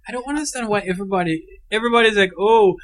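A man co-hosts a casual movie podcast in a playful, teasing way. His voice is on the high side for a man, and he fills pauses with ums. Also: a bit bright. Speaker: podcast co-host. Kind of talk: casual film chat.

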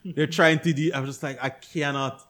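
A man's voice: fairly high pitch, fairly even intonation, fast, crowd noise. A man co-hosting a casual chat, ranting with exasperation about a movie, swearing and acting out his own reactions. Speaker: podcast co-host.

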